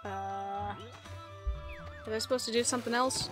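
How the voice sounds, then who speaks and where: A woman's voice: a little high, fairly even intonation, normal speed, long pauses, music in the background. A woman with a Southern US accent giving casual, giggly, joking commentary while she plays a video game. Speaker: let's play host.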